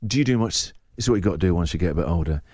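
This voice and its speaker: A man's voice: sits low, lively intonation, very fast, a little mellow, no echo, studio quality. A radio host in his forties telling a self-mocking comic story, acting out voices and groans. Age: 40s.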